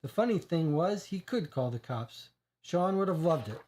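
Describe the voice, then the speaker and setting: A man with a somewhat high voice reads a crime dossier aloud in a steady, plain way. He stumbles on a word now and then and drifts into casual commentary. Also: normal speed. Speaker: game player reading aloud.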